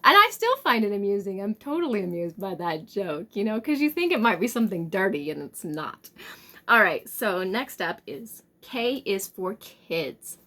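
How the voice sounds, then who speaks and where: A woman's voice: mid-range voice, big pitch swings, normal speed, fairly bright tone. A young woman chatting casually to camera and telling a story, rambling with plenty of fillers. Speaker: tarot vlogger.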